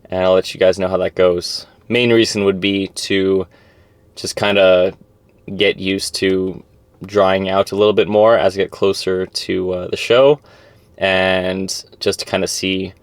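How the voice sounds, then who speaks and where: A man talking casually to the camera as a fitness vlogger, explaining in a relaxed way with lots of fillers, outdoors at a farm orchard. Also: sits low, no echo. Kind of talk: casual vlog talk to camera.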